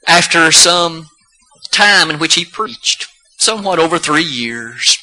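A man preaching a sermon in a deliberate, emphatic way, asking rhetorical questions. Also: high voice, sharp tone, rough recording.

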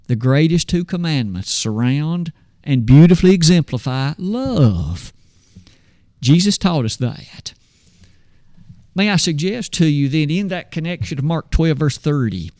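A man's voice: on the high side, animated, a little slow, a little mellow, no room sound, studio quality. A man preaching a sermon, posing rhetorical questions and swinging his voice up and down when he quotes scripture.

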